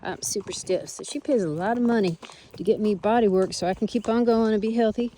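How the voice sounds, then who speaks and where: A woman's voice: mid-range voice, fairly quick, warm tone, slight background noise, lightly acted. A woman voicing her older male Arabian horse, a cheeky, stubborn character who rambles and teases in a put-on Southern drawl. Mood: chatty. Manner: chatty, rambling, teasing drawl. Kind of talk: casual in-character monologue. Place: outdoors on a trail.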